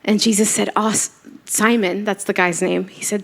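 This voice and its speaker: A woman's voice: mid-range voice, fairly even intonation, moderate pace, creaky, a bit bright. A woman preaching a church sermon, telling a story casually and acting out the quoted voices. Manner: conversational storytelling, acts out quotes.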